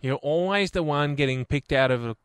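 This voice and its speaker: A man's voice: a little high, a little fast, smooth, dry recording, clean studio sound. A man with an Australian accent hosting a radio show, bantering playfully and reading out quiz questions. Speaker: radio host.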